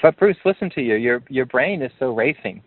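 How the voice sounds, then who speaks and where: A man leading a group coaching call, talking in a calm, encouraging way and lifting his pitch to stress a point. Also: a little fast, a little hiss or hum. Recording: narrow phone-like line.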